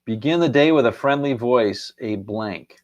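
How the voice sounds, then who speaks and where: A man's voice: medium pitch, lively intonation, unhurried, highs cut off. A middle-aged man hosting a casual live stream, chuckling often and half-singing song lines as he reads out viewer answers.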